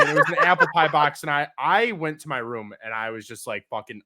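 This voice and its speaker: A man co-hosting a podcast in casual chat, telling animated stories and acting out what others said. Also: fairly high pitch, quick pace, few pauses. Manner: animated storyteller, acts out voices. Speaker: podcast co-host.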